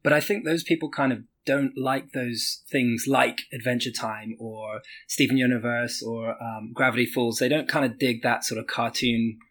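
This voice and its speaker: A man's voice: mid-range voice, steady tone, normal speed, few pauses, a bit bright. A man who is a game developer, speaking as a podcast guest in a loose, rambling way full of filler words. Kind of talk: casual interview.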